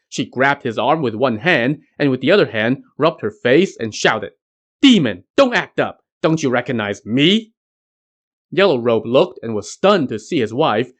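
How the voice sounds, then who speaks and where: Male podcast storyteller, wry asides, mid-pitched and animated. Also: moderate pace, few pauses. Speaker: podcast host. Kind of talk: storytelling narration.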